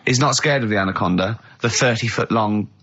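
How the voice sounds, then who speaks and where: A man's voice: brisk, a bit bright, husky, lo-fi sound. Giggly man hosting radio chat. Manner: giggly, breaks into high shrieking laughs. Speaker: radio host. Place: radio studio. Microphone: studio microphone.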